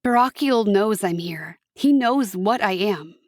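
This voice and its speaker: A woman's voice: mid-range voice, expressive, a little slow, dry recording, studio quality, natural voice. Woman voicing a cold, furious demon girl. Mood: cold anger. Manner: cold, growling, spitting words.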